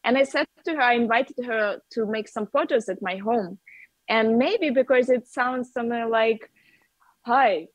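A woman's voice: on the high side, moderate pace, no echo, poor audio. A woman with a Russian accent, a native Russian speaker, chatting as a guest artist and laughing often. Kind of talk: casual chat.

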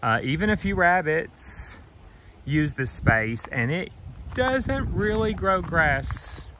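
A man giving a gentle, affectionate walking tour of his farm outdoors, filmed on a handheld camera. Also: on the high side, expressive, slow pace, noisy background. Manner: gentle, affectionate, talks to trees and animals. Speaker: vlogger touring his farm. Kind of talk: casual walking tour vlog.

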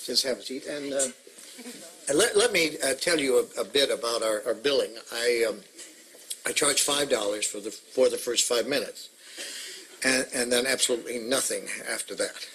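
Brief: a man as a bright-toned, stammering therapist, curt and offhand, comedy sketch. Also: medium pitch, slight background noise, natural voice, low-quality recording. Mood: dry. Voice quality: halting, stammering delivery. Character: brisk male therapist, blunt and offhand.

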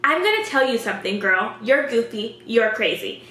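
A woman's voice: a little high, sing-song, moderate pace, bright, forceful tone, echoey room. A woman reading the lines of a scornful teenage girl who talks bluntly.

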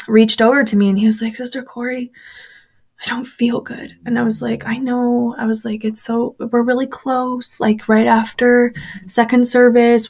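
A woman's voice: a little high, darkish tone. A woman being interviewed, telling a personal story candidly with lots of fillers, acting out the voices of people she quotes. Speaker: interview guest, former church member.

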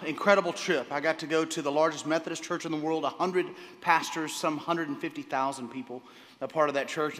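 A man pastor preaching a sermon to his congregation, enthusiastic, often repeating words and pausing with fillers. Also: on the high side, a bit bright. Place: church sanctuary. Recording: long hall reverb.

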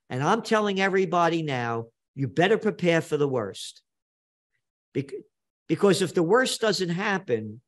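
An older New man tells his story in an interview, blunt and emphatic, hammering key phrases home. His voice sits a touch higher than most men's. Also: big pitch swings, a little slow. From New York. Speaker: guest. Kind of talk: animated storytelling interview talk.

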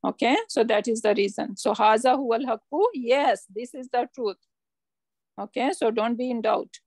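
High-voiced woman teaching grammar. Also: normal speed, darkish tone, no room sound. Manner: patient, explanatory, checks understanding with questions. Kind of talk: online class lesson.

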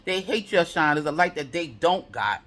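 A man's voice: fairly high pitch, lively intonation, moderate pace, fairly bright tone. A man giving a tarot reading to viewers, heated and profane, piling up repeated affirmations. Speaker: tarot reader.

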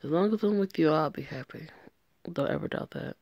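A woman's voice: low voice, a little fast, no room sound, muffled recording. A woman voicing a tender, remorseful young male gang member as she reads a story game aloud in an earnest, emotional way.

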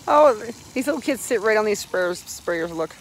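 A woman filming her son at an outdoor spray park on her phone, rambling casually with fillers and laughs, her voice a bit hoarse. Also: mid-range voice, lively intonation, unhurried, a little hiss or hum, rough recording. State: hoarse from screaming.

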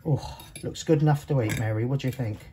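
A man of average pitch hosts a cooking demonstration in a kitchen. He talks in a relaxed, chatty way, guiding viewers step by step. Faint noise sits underneath his voice. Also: quick pace. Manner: chatty, walks viewers through each step. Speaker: cooking show host.

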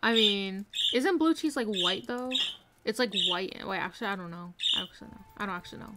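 Her mid-range voice moves fairly quickly as she gives casual commentary on a live-streamed game. She reads chat, talks to herself, and giggles a lot, with faint noise, mouse clicks, and typing in the background.

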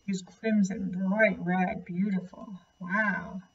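A woman reading a picture book aloud to a child, gently pointing out and explaining the pictures. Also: mid-range voice, fairly even intonation, slow pace, slightly rough, distant mic, dull audio. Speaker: storyteller.

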